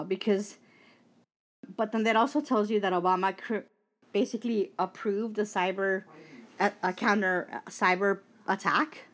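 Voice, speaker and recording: A candid, profane woman podcast host. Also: medium pitch. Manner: candid and profane, recapping news with asides. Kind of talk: casual political news chat. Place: Brooklyn.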